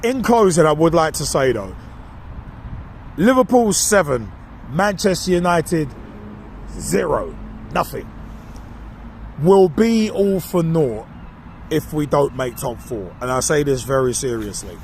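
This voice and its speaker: A man's voice: a little high, a little slow, vocal fry, pauses often, slight background noise. Gleeful man ranting about football. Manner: animated, mocking and gleeful. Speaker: podcast co-host. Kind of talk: casual football opinion monologue.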